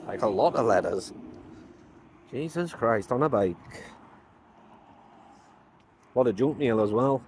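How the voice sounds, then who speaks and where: Mellow-voiced man rambling on a vlog. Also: mid-range voice, expressive, measured pace, pauses often, a little hiss or hum. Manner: rambling, self-mocking, muttering to himself. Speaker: vlogger. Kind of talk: casual vlog talk to camera. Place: outdoors by mailboxes, walking around.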